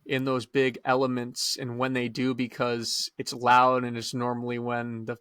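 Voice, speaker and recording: A man co-hosting a sports podcast, giving laid-back, drawn-out opinions in casual chat. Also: mid-range voice, monotone, fairly bright tone, clean tone, dry recording, clean studio sound. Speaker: podcast co-host and high school coach.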